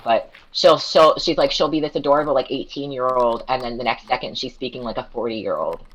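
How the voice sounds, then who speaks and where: Very low-voiced rambling woman storyteller. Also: brisk, hardly any pauses, low-quality recording. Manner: rambling, self-interrupting storyteller who laughs often. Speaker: streamer. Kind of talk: casual chat.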